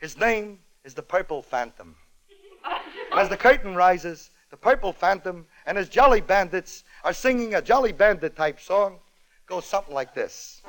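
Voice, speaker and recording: A man's voice: sits high, animated, normal speed, fairly bright tone, faint music behind, low-quality recording. A man hosting a comedy show, telling a comic story in a wry, joke-timed way. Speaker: comedy radio host.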